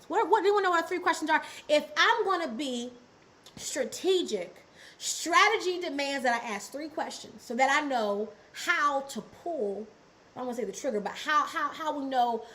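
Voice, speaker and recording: High-voiced woman teaching on a livestream. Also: a bit bright, poor audio. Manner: repetitive, call-and-response with the chat. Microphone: livestream setup.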